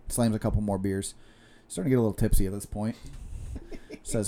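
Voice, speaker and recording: A man's voice: fairly low pitch, fairly even intonation, moderate pace, pauses often, warm tone. A young man telling long-winded jokes in casual chat, laughing often and restarting lines as he goes. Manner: laughs a lot, rambling storyteller with restarts.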